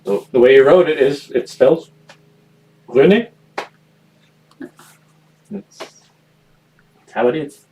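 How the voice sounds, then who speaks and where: A man's voice: medium pitch, animated, a little slow, long pauses, warm tone, distant mic, low-quality recording. A man in his fifties co-hosting a live painting stream, who jokes around and laughs a lot in casual chat. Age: 50s. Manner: playful, joking, laughs a lot. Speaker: co-host.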